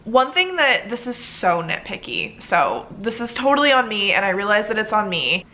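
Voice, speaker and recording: A woman's voice: medium pitch, sing-song, normal speed, bright, forceful tone. A young woman in a casual book review vlog, chatting and thinking aloud with lots of "like" fillers. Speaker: book vlogger.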